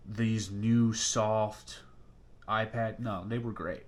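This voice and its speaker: A man's voice: on the low side, fairly even intonation, takes it slowly. A man hosting a casual interview, a former soldier who talks bluntly and swears emphatically.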